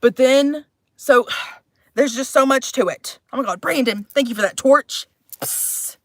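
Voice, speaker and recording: A woman in her thirties from Texas talks loosely on a livestream. She blends accents, swears freely and rambles between sighs. Her voice sits a little high and sounds close and dry. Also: a little slow, no room sound. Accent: mixed, shifting accents. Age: 30s. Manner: profane, rambling, sighing often. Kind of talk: casual livestream chat.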